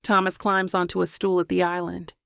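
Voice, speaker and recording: Gravelly woman narrating a romance audiobook. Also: lowish voice, level tone, a little fast, a bit bright, no echo, clean studio sound.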